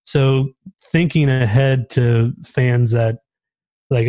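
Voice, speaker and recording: A man from Texas, a guest on a podcast, talks in an easygoing, thoughtful way, working through his questions out loud. His mid-range voice is recorded close and dry, with no echo around it. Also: medium pitch, moderate pace. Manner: relaxed, thoughtful, asks for advice. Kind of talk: casual chat.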